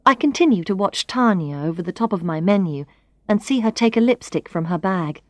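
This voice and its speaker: Clear, expressive female narrator for a learners' story; dry studio sound. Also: mid-range voice, fairly quick, dry recording. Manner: expressive, clear, first-person reading.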